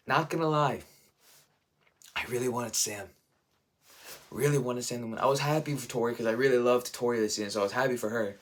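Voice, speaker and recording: Excitable young-sounding man rambling casually. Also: lowish voice, gravelly. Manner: enthusiastic, rambling, heavy use of "like", "dude" and "bro". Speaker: reviewer.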